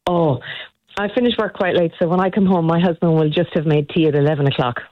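A woman's voice: on the low side, fairly even intonation, quick pace, no echo, phone-quality sound. A woman with a Southern Irish accent calling into a radio show, chatting and laughing easily. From Ireland. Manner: warm, chatty, laughs often. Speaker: caller. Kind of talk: casual radio phone-in chat.

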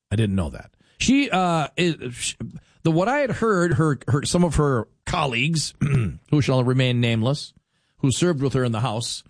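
A man's voice: medium pitch, no room sound, studio quality. A man hosting a talk radio show, chatting casually and rambling as he reads listener texts aloud.

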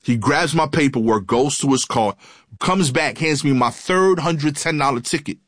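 A man telling a comic story in a lively, casual, punchy way. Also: on the high side, moderate pace.

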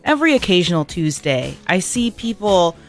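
A woman hosting radio and making casual, animated on-air banter, chatty and full of fillers. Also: on the low side, normal speed, faint music behind. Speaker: radio host. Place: radio studio.

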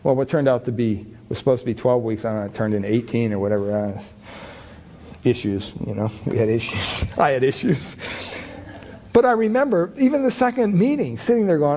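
A man's voice: mid-range voice, very animated, brisk, darkish tone, slightly rough. A middle-aged man preaching a sermon, telling candid, self-deprecating stories about himself with many casual fillers. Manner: chatty, many fillers like "you know". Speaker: pastor.

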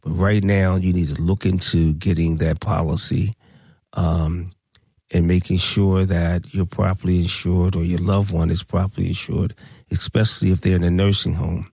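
A man's voice: low-pitched, little pitch movement, moderate pace, creaky, a little mellow, slightly rough, no room sound, studio quality. A man hosting a radio talk show, speaking in a preachy, emphatic way and repeating his points.

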